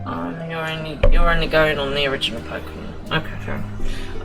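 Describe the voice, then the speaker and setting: A woman's voice: sits low, a little fast, over music, poor audio. A woman streamer talking casually to herself while playing a game, musing aloud and often confused. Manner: chatty, confused musing, self-talk. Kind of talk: casual live gameplay commentary.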